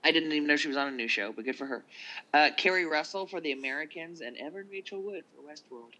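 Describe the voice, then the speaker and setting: Bright, higher-voiced man co-hosting a podcast. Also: low-quality recording. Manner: reads down a list of nominees with quick asides. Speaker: podcast co-host. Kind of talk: casual podcast chat.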